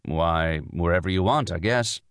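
A man's voice: low voice, measured pace, fairly bright tone, clean tone, no room sound, clean studio sound. A man as a brusque, busy young husband. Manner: brusque, dismissive, then soothing. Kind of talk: audiobook dialogue.

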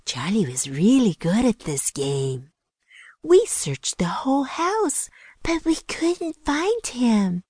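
A woman narrating a children's audiobook with lively storytelling and hushed whispers at tense moments. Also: on the high side, slow, husky, dry recording, clean studio sound.

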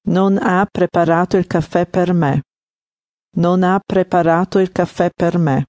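A native speaker giving the model answers in an audio lesson, saying each phrase clearly twice. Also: mid-range voice, steady tone, moderate pace, darkish tone, dry recording, clean studio sound. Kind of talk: slow repeated example phrases.

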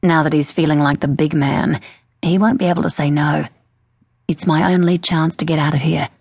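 A woman reading a first-person thriller audiobook in a measured, cool manner. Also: low voice, fairly even intonation, vocal fry, a little mellow, husky, no room sound, clean studio sound. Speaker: audiobook narrator. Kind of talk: scripted first-person narration.

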